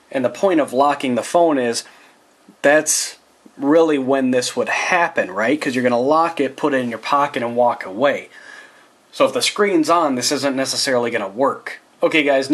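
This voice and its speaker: A man's voice: medium pitch, fairly bright tone. A man giving a casual phone setup tutorial as a tech reviewer. He speaks loosely and chattily, with asides and restarts, and talks straight to his viewers.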